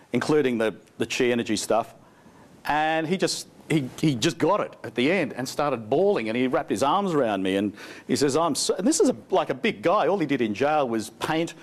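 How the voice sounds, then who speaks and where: A man presenting a live seminar, a chatty, jokey storyteller who laughs often and asks the audience questions. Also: mid-range voice. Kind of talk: live seminar talk with anecdotes. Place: seminar hall before an audience.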